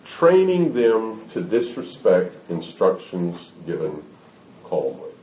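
A man's voice: sits low, very animated, slow pace, warm tone, muffled recording, slight background noise. A man giving a talk to an audience on parenting in a folksy way, acting out little scenes to explain his points. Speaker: speaker on parenting. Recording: echoey hall, mic at a distance.

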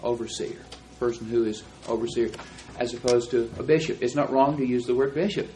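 A man teaching a Bible class, explaining verses and reading them out slowly and deliberately. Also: mid-range voice, steady tone, dark tone, a little hiss or hum, rough recording.

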